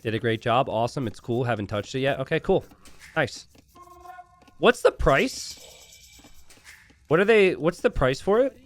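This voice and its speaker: A man giving casual strategy game commentary, chatty with relaxed asides, then bursting into excited shouts and laughter at big plays. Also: mid-range voice, moderate pace, long pauses, soft background music. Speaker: game caster.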